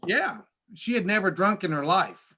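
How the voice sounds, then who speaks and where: A man, a pastor, telling stories in a casual church class, chatty and halting with frequent restarts. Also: high-pitched, expressive, bright, forceful tone, husky. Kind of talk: casual storytelling lesson.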